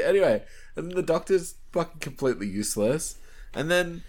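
Animated, mocking podcast co-host man. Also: a little high, moderate pace. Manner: animated, mocking, laughs often. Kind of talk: casual podcast chat.

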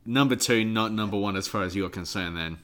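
A man co-hosting a podcast in casual chat, playful and quick to laugh. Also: lowish voice, a bit bright. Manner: chatty, laughs often, playful impressions. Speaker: podcast co-host.

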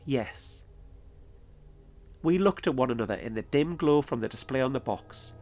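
A man telling a first-person ghost-hunting story as podcast host, in a measured, steady delivery. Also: medium pitch.

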